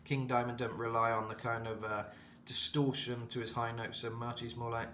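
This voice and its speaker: A man's voice: medium pitch, completely flat delivery, normal speed, a bit bright, roomy sound, a little hiss or hum. A man giving a casual singing lesson and explaining vocal technique in loose, rambling talk full of fillers. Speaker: vocal coach.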